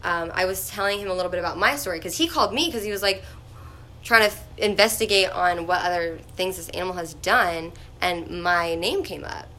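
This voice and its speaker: A young woman telling a personal story in a casual, chatty vlog, full of "like" fillers and animated retellings. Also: lowish voice, fairly quick, slight background noise. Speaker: vlogger.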